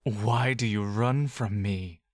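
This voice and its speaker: The audio drama narrator voicing a menacing, controlling male caregiver who talks in a low, slow, booming voice. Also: darkish tone, no room sound, studio quality, close to an everyday voice. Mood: coaxing.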